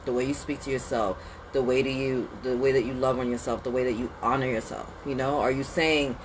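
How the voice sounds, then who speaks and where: A woman hosting a casual spiritual pep talk outdoors in the cold, animated and slangy, sniffly with a runny nose. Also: very deep voice, a little fast, background noise. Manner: animated, slangy and conversational, with lots of "like" and "you know". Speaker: spiritual reader and channel host.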